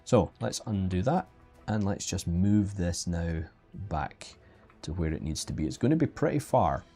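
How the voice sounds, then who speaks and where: A man's voice: sits low, animated, moderate pace, mellow, breathy edge. A man chatting casually and jokingly while teaching digital sculpting on a live stream, often restarting his sentences. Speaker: 3D sculpting instructor. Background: faint background music.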